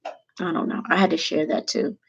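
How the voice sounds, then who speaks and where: A woman's voice: lowish voice, fairly even intonation, normal speed, gravelly, muffled recording. A woman vlogger chatting casually and emotionally to her viewers, rambling from one thing to the next.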